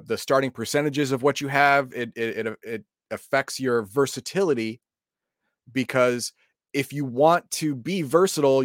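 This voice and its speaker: A man's voice: mid-range voice, no echo, clean studio sound. Rambling man, casual explainer. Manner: rambling, many restarts and filler. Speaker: co-host.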